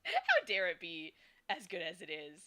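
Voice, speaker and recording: Her voice is on the low side but swoops wildly in pitch, bright and forceful at a moderate pace. The young streamer and fan artist chats casually while drawing, thinking aloud and giggling often between fillers.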